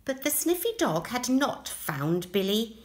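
A woman who teaches nursery school, reading a storybook aloud to young children in a gentle, expressive way. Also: on the high side, a little slow. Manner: gentle, expressive and sing-song. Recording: echoey room.

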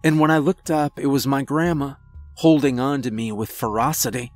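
A man narrating a first-person horror story in a measured, somber manner. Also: medium pitch, steady tone, a little mellow, soft background music.

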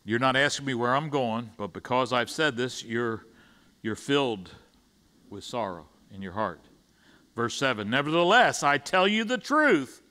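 A man's voice: medium pitch, animated, moderate pace, pushed and bright. A man preaching a conversational sermon in church, stumbling over restarts and acting out the disciples' side in paraphrase. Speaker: pastor. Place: church sanctuary.

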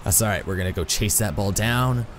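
A man doing excitable, self-mocking live commentary while playing a video game, full of exclamations. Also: fairly low pitch, brisk, background noise. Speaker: gaming YouTuber.

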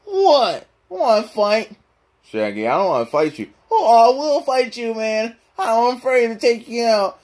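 A man voicing a jittery, scared male cartoon slacker with a high, nasal drawl. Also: big pitch swings, unhurried, darkish tone, full character voice. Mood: feisty.

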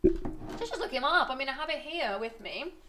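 A young woman whose first language is not English, ranting on a live stream in an animated, exasperated way and thinking aloud. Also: high-pitched, normal speed, slight background noise. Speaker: streamer and researcher. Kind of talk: casual ranting stream commentary.

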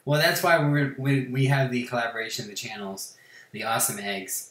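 A man hosts a gaming channel, chatting casually while he plays, his mid-range voice steady, fairly quick and a bit bright in a roomy-sounding space. He rambles, swears a lot and mocks himself.

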